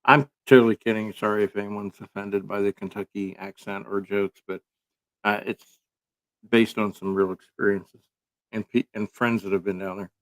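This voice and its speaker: A man's voice: on the low side, fairly even intonation, normal speed. A man giving casual, rambling commentary full of sarcastic jokes and filler words.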